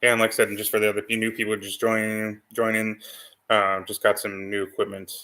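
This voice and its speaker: A man with a fairly low but bright, forward voice, hosting a relaxed live stream. He rambles easily through viewer comments with frequent ums and false starts, in a loose, unscripted way. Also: brisk. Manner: rambling, full of ums and restarts. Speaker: channel host. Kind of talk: casual live-stream chat.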